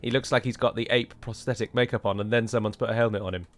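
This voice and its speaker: A man's voice: on the low side, fairly even intonation, fast talker. A man giving chatty, wry commentary while playing a strategy game, wandering into rambling asides. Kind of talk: gameplay commentary.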